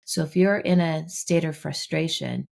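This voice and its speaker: Brief: woman guest, gravelly, lowish voice, explanatory storyteller. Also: a little slow, a little mellow. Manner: explanatory, tells anecdotes with acted-out dialogue. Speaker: guest, manifestation teacher. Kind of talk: podcast interview.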